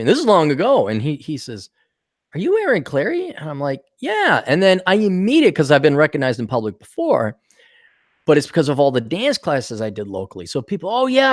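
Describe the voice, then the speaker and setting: A male podcast host in casual chat, an animated storyteller who acts out the people he quotes. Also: a little high, no room sound, studio quality.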